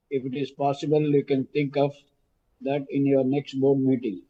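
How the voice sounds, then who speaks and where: An Indian man speaking as a shareholder over a video call, making measured, formal suggestions. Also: a little high, mellow. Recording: dull lo-fi call audio.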